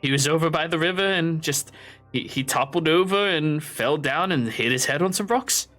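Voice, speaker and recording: A man voicing a flustered eighty-year-old woman, a farmer's widow, in a high, fussy voice. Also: moderate pace, a bit bright, faint music behind, natural voice. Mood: chatty.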